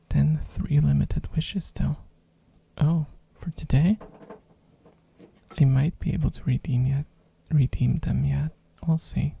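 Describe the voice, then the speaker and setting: An ASMR streamer rambles softly into a close binaural mic, hoarse from a throat infection, filling her speech with fillers and little giggles. Her voice is medium-pitched, and there's no room sound.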